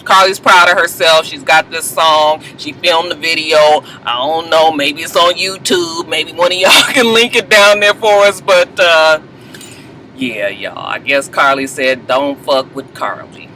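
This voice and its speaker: A woman giving a casual, gossipy TV episode recap, animated and sassy, laughing often and swearing freely. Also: low voice, a little slow, a little hiss or hum, poor audio. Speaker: TV show reviewer.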